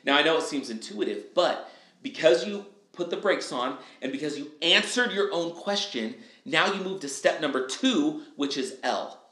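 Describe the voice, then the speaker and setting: A man talking on a podcast, lively and casual, who acts out little quoted lines in other voices. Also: fairly high pitch, normal speed, reverberant. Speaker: guest speaker. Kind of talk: energetic podcast interview.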